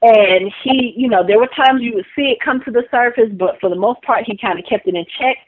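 A woman co-hosting a casual TV recap, talking in an animated, gushing fan manner. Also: a little high, a little fast. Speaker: podcast co-host. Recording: tinny phone-line sound.

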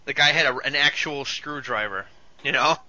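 A man's voice: mid-range voice, normal speed, pushed and bright, dry recording. A man co-hosting a casual fan podcast, talking eagerly and joking, often quoting lines in put-on voices. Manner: enthusiastic fan, jokey, quotes lines in voices. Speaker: podcast co-host. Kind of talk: casual chat. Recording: dull lo-fi recording.

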